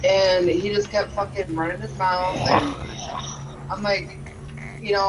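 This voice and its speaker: A man with a high-pitched voice tells a story in casual, profanity-laced speech that stays emotional throughout. Loud background noise sits behind his voice. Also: little pitch movement, measured pace, pauses often. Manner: heavily profane, emotional retelling. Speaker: parent and game streamer.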